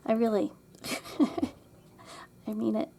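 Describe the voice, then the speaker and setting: A woman's voice: a little high, monotone, takes it slowly, creaky, dark tone. A middle-aged woman hosting a craft tutorial, chatting and rambling as she works and muttering to herself over her supplies.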